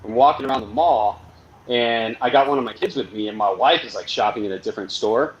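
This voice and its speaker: A man's voice: medium pitch, fairly quick, muffled recording. A man, co-host of the show, telling a funny story in casual chat and acting out both sides of it. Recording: echoey room with faint noise.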